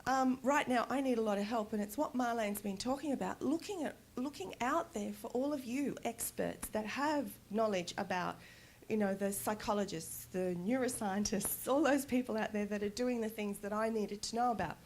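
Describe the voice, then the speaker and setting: A middle-aged woman giving a conference talk, telling personal stories in a candid, animated way and laughing often. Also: on the high side, moderate pace, a little hiss or hum. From Australia. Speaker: conference speaker. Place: conference stage.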